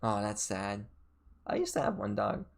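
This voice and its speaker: A man streaming a casual chat, telling a rambling story full of fillers and restarts, his pitch jumping sharply up and down. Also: wildly swooping pitch, normal speed, creaky. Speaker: VTuber streamer.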